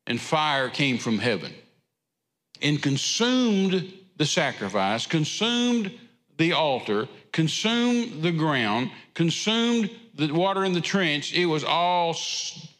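A man preaches a sermon in a folksy, storytelling manner. His voice is high and bright. It carries a long reverb from a large hall. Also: very animated, slow pace. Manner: folksy storytelling with drawled asides.

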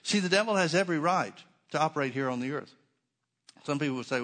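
A man's voice: fairly high pitch, animated, fast, a bit bright. A man preaching a sermon as pastor, emphatic, with rhetorical questions and dry sarcastic asides.

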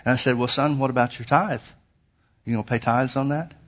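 A man's voice: medium pitch, fairly even intonation, fairly quick, fairly bright tone. A man preaching a sermon, telling a personal story in an earnest, emphatic way. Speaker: pastor.

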